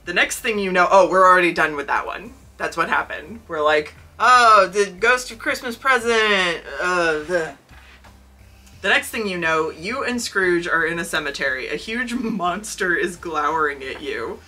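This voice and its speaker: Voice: mid-range voice, animated, normal speed, pushed and bright, far from the mic. A podcast co-host reading a children's storybook aloud and breaking off for wry, joking asides. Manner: wry, laughing commentary.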